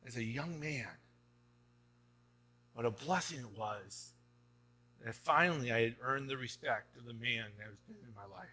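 Man, pastor, sermon, bright forceful voice, conversational with rhetorical asides, emphatic exhortation. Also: mid-range voice, expressive, normal speed, long pauses.

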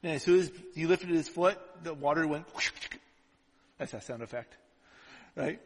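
A pastor delivering a conversational sermon, full of "right?" asides, swinging between loud and hushed. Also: male voice, on the high side, moderate pace, big-room sound, a little hiss or hum, low-quality recording.

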